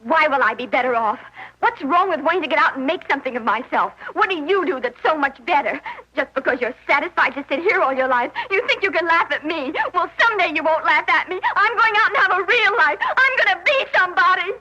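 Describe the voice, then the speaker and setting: A woman's voice: high voice, lively intonation, fast, bright, forceful tone. An actress playing an earnest young woman who dreams of becoming an actress, in a 1930s film. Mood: defiant. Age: young adult. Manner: earnest and defiant. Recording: muffled 1930s film soundtrack with music.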